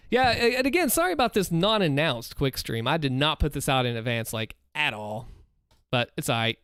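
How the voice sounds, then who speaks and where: A man's voice: on the high side, fairly bright tone, clean tone, no room sound, studio quality. A man casually chatting on a live stream, answering viewer questions with earnest, rambling advice and frequent restarts, speaking into a desk microphone at home. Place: home room, seated in a chair.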